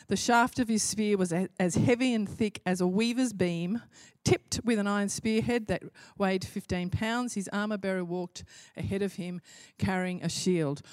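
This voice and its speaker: A woman's voice: medium pitch, no room sound, studio quality. A woman preaching a sermon in an impassioned way, building to emphatic repeated phrases.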